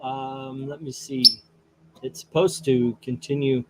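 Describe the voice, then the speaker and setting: A man's voice: medium pitch, steady tone, slow pace, dark tone, slight background noise. A man hosting a comic book channel who chats casually in a rambling, folksy way and grumbles at his screen between readings.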